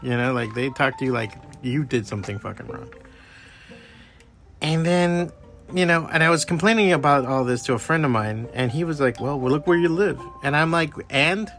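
A middle-aged man from the Miami area hosts a podcast on his own, his mid-range voice moving at normal speed over faint background music. He tells stories in a heated, foul-mouthed, animated rant that stays casual.

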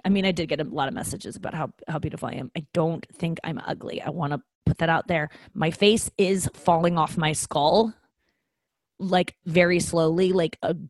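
A woman's voice: low voice, a little mellow, no room sound. A woman in her thirties, a comedian hosting her own podcast, talking in a candid, rambling, self-deprecating way with some swearing. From American. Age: 30s. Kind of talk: casual solo podcast monologue.

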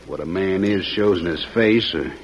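An actor playing a scheming outlaw who talks in a smooth, coaxing way in an old radio drama. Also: male voice, low voice, moderate pace, lightly acted. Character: scheming scarred male outlaw, sly and persuasive. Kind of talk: 1940s radio acting. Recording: dull old radio recording.

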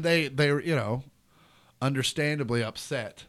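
A man, a comedian guest, tells a story in relaxed chat. He acts out the people in it with sudden loud bursts. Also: medium pitch, normal speed. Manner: animated, acts out quotes loudly. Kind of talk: casual storytelling.

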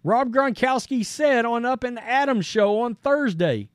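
This sports podcast host is a man with a high, clear, resonant voice who speaks bluntly and casually, expressive and a little slow. He reads quotes and then jumps in with his opinion, on a close, dry recording with no room sound.

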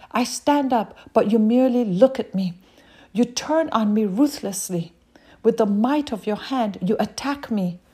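Earnest woman preaching, mellow husky voice. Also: fairly high pitch. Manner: earnest, addresses listeners directly. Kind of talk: sermon reading scripture.

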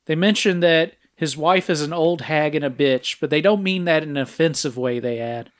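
A man's voice: a little high, moderate pace. A man co-hosting a podcast, walking through a movie's plot in a casual, step-by-step recap with frequent filler sounds. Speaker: podcast co-host.

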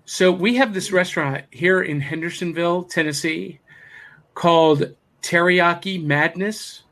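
A man hosting a podcast over a video call, reading out listener comments in a relaxed, chatty way. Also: high voice, measured pace. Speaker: podcast host.

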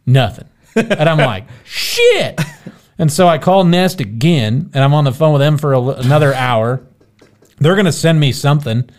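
A married man telling a story in casual chat, swearing and acting out what he said. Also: mid-range voice. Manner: animated, swearing, acts out his own quotes.

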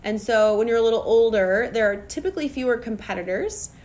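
A young woman from Minnesota chatting casually to her viewers, telling a lively story full of fillers and asides. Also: a little high, fairly quick, a little hiss or hum. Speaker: vlogger. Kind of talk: casual chat to camera.

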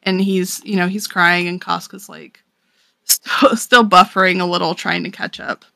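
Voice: mid-range voice, level tone, unhurried, creaky, bright, forceful tone, dry recording. A young adult podcast co-host casually recapping a story, talking in a chatty, filler-heavy way with frequent laughs.

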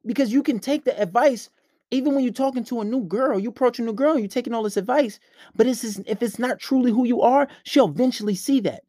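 A man's voice: extremely high pitch, fast, warm tone, dry recording, clean studio sound. Blunt, profane man ranting. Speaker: podcast host. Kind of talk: casual dating-advice rant.

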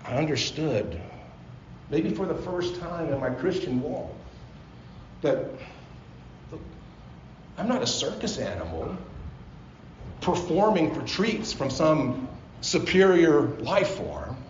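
A man's voice: fairly high pitch, big pitch swings, takes it slowly, pauses often, a little hiss or hum. A man, a pastor, delivering a sermon as earnest personal storytelling in a church. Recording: roomy, slightly dull live sermon recording.

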